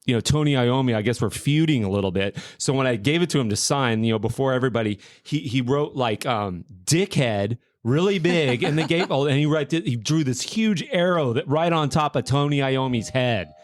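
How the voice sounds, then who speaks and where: An animated male podcast guest who tells his stories in quick bursts. His voice sits at a middle pitch and is recorded dry and close on a podcast mic. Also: no room sound. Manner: animated storyteller, rushes through anecdotes. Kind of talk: casual chat.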